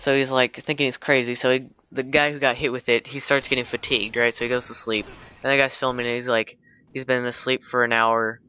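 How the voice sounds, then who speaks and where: A man's voice: medium pitch, little pitch movement, a little fast, bright, forceful tone, clean tone, dry recording, dull audio. A man casually retelling a film's plot for a video, rambling with lots of fillers and restarts, with teasing asides. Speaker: video blogger.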